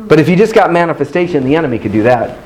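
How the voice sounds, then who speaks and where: A man's voice: fairly high pitch, lively intonation, racing, crowd noise, low-quality recording. A man preaching a sermon in a hotel meeting room, building his points through rhythmic repetition and call-and-response with the congregation.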